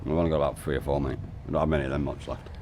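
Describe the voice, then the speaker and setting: Male streamer, deep, matey and relaxed, swears casually. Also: rapid-fire, background noise. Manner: laid-back, sweary and matey, saying "mate" often. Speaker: game streamer. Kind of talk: casual live-stream chat.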